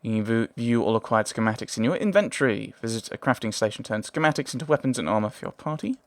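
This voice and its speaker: A man's voice: medium pitch, animated, fast, no echo. A man hosting a let's play, thinking aloud in casual gameplay commentary, hesitant and often trailing off.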